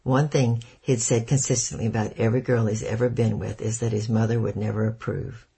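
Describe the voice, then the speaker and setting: A man's voice: on the low side, level tone, brisk, vocal fry, warm tone, slightly rough, heavily acted. A man reading the lines of an earnest young man, who explains things in a hesitant, cautious way. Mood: uneasy.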